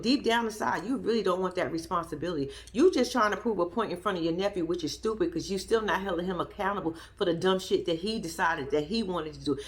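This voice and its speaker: A woman giving blunt, profane reaction commentary on a reality show, talking straight at the people in it with sass and disbelief. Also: fairly low pitch. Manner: blunt, profane, sassy, argues at the people she discusses. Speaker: show reviewer.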